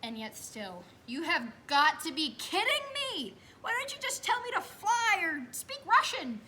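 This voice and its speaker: An anxious new mother speaks a stage monologue, as a young woman plays her. She talks slowly in a bright voice, swinging from hushed whispers to sudden bursts. A faint hiss sits under the voice. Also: fairly high pitch, low-quality recording. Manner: expressive, dropping to whispers. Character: anxious new mother recalling giving birth. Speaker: student actress. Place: school theater stage.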